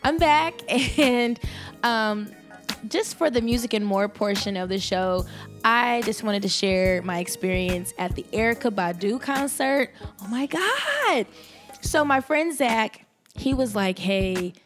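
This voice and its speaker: A woman hosting a podcast, telling a story in a casual, animated, exasperated way with speech. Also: medium pitch, a little slow, faint music behind. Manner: animated, exasperated retelling with voiced reactions. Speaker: podcast host.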